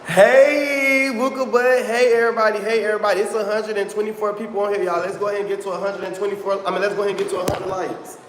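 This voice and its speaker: Chatty high-voiced man livestreaming. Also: level tone, very fast, hardly any pauses, echoey room, long reverb tail, a little hiss or hum. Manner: chatty, repeats himself, addresses viewers as y'all. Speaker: livestream host. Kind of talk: casual livestream chat.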